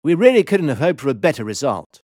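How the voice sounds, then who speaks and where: A man reads practice sentences in a steady, clear voice. His pitch moves freely. The sound is dry and close. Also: fast, no echo. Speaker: example sentence reader. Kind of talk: recorded language drill.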